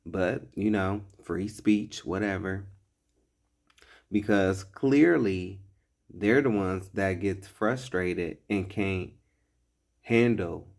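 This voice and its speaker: Man commentator, slow and lowish, blunt and mocking, swears freely. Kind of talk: reaction commentary on a clip.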